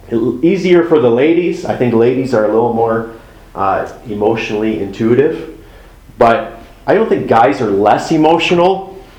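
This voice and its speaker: A middle-aged man delivers a sermon in a chatty, down-to-earth way, often slipping into short acted-out conversations. His voice sits a little high for a man, and it rings out with a roomy echo. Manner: conversational, acts out little dialogues. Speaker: pastor.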